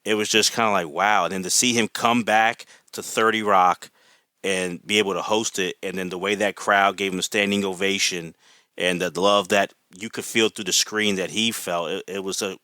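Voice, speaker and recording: A man's voice: on the low side, steady tone, brisk, sharp tone, no echo. A man talking as a podcast guest in casual chat, enthusiastic and rambling, with lots of fillers.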